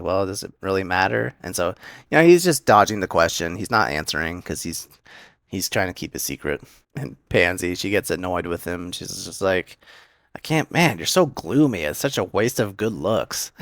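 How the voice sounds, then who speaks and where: A young man with a low voice talks through an anime episode in a loose, rambling way, full of fillers and quick asides. The sound is dry and close, with no room behind him. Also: a bit bright, clear, resonant tone, no echo. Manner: rambling, filler-heavy retelling with quick acted quotes. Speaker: anime recap host. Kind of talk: casual episode breakdown.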